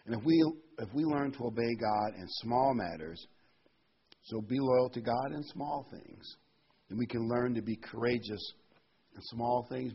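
A man's voice: mid-range voice, slight background noise. A man preaching a conversational sermon, reading scripture and adding casual asides. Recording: dull lo-fi recording.

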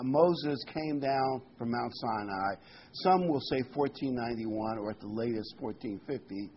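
A man preaching a sermon in a conversational way, leading the congregation to repeat words after him. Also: medium pitch. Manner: conversational, leads the congregation in call-and-response. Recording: dull lo-fi recording with faint hiss.

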